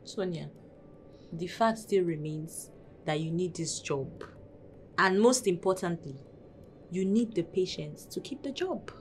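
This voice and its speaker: An actress playing a sensible friend who gives calm advice, speaking with a Nigerian English accent. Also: female voice, on the low side, a little slow, pauses often, slight background noise, lightly acted. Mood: advising. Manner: calm, advising. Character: young woman, the maid's calm, sensible friend.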